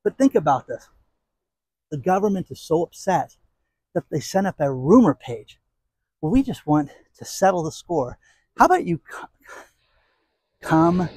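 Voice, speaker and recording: A man's voice: on the high side, darkish tone, no echo. A man hosting his own commentary channel, ranting outdoors in a heated, exasperated way with sarcastic asides. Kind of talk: angry commentary rant.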